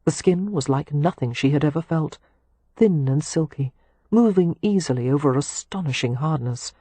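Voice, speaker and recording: A woman narrating a romance audiobook in a measured, intimate way. Her voice is husky and breathy, recorded close and completely dry. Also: sits low, warm tone, dry recording.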